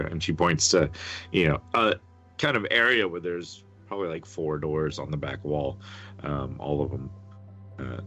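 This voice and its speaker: A man narrating as game master for a tabletop game, describing the scene haltingly with many fillers. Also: a bass voice, steady tone, a bit bright, soft background music.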